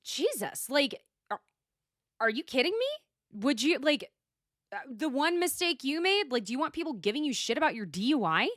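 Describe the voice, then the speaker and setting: Animated, profane woman podcast host. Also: sits high, moderate pace, no room sound, studio quality. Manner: blunt, profane and exasperated, talking straight to the people she discusses. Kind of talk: casual solo recap chat.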